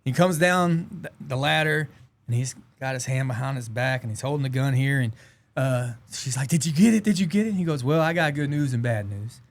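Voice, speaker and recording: A man's voice: mid-range voice, normal speed. A man from Southeast Texas, hosting a casual music podcast and telling folksy stories with easy laughs. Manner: folksy storyteller, laughs easily. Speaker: podcast host. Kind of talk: casual interview chat.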